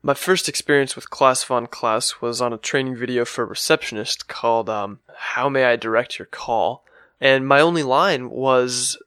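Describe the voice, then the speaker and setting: A man's voice: mid-range voice, moderate pace, fairly bright tone, clear, resonant tone, no echo, clean studio sound. A man telling a comic anecdote in an offhand, casual way with fillers.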